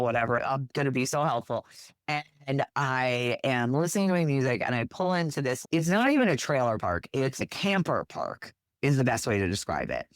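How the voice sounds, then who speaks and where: A woman from New Jersey telling a story as an interview guest, lively, acting out the quotes with big jumps in her voice. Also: low-pitched, no room sound, studio quality. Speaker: guest, animal rescue worker.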